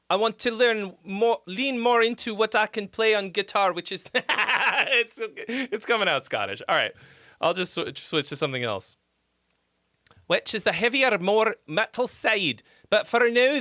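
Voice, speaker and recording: Bright, slow-talking livestream host. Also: male voice, sits high, no room sound, studio quality. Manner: chatty, swears, laughs often, mutters to himself. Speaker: livestream host giving song feedback. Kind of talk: casual livestream chat.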